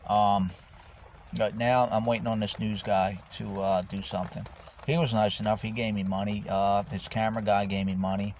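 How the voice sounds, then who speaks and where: A man's voice: lowish voice, flat delivery, moderate pace, darkish tone. A man who is homeless, talking casually to the camera in a rambling, profane way about his life. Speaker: homeless vlogger. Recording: dull lo-fi with faint noise.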